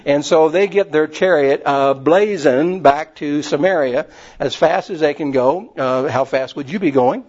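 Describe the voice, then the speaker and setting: A man's voice: on the high side, unhurried, darkish tone. Folksy rambling male preacher. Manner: folksy and rambling, with many fillers. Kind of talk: casual sermon storytelling. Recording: muffled lo-fi recording.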